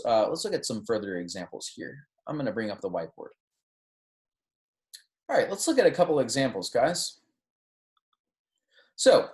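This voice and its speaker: Male teacher, mid pitch, patient and explanatory, often checks understanding and repeats phrases slowly. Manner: switches between English and Spanish, models pronunciation slowly. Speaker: Spanish teacher. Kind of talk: recorded language lesson.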